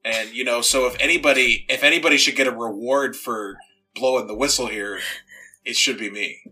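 A self-serving office gossip, played by a man stumbles and hesitates as he shares rumours in improvised tabletop role-play. The voice is very bright, with a husky grain. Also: mid-range voice, soft background music, poor audio. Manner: hesitant, halting.

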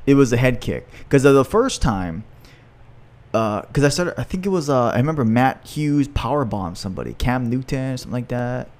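A man in casual podcast chat, recalling old memories in quick bursts and short reactions. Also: medium pitch, lively intonation, darkish tone.

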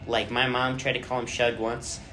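A man's voice: medium pitch, little pitch movement, normal speed, sharp tone, a little hiss or hum. Young man rambling through a podcast story. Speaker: podcast host. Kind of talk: casual chat.

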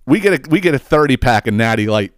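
Male podcast host, animated and foul-mouthed, dry close mic. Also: medium pitch, quick pace, no room sound. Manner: profane, rambling, animated. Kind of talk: casual storytelling.

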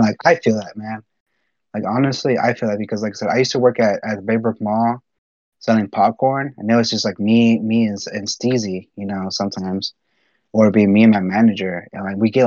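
A man's voice: fairly low pitch, no echo, dull audio. A man telling rambling stories in casual chat, full of fillers and swearing. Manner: rambling storyteller, swears a lot, many fillers.

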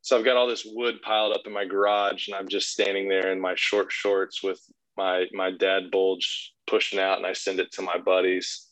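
A man in his thirties with a very low voice chats as a podcast guest. He tells crude, self-deprecating stories about family life, swearing freely in a relaxed, easygoing way. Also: normal speed, low-quality recording. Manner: profane storytelling, self-mocking humor. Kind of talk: casual chat.

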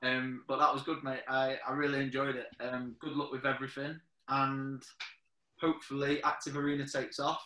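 A man's voice: mid-range voice, level tone, normal speed, sharp tone, a little hiss or hum. A man hosting a casual podcast, hesitant and laughing, with many ums. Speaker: podcast host. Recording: roomy echoey room.

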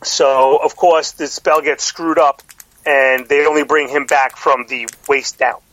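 A man's voice: fairly high pitch, steady tone, a little slow, fairly bright tone, no echo, poor audio. A middle-aged man co-hosting a podcast in casual chat, rambling with lots of fillers and restarts. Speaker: podcast co-host.

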